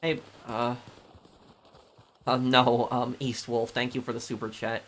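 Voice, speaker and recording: This game streamer has a medium-pitched, fairly bright voice with a flat delivery and a measured pace. Relaxed and casual, he reads viewers' messages out loud and keeps thanking them one by one.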